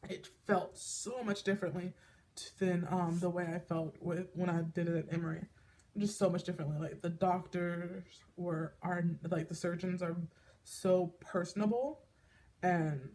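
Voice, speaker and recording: A woman's voice: lowish voice, a little mellow, a little hiss or hum. A woman talking candidly in a personal vlog, rambling with lots of fillers and restarts, emotional enough to tear up. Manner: emotional, tearing up at times. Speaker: vlogger.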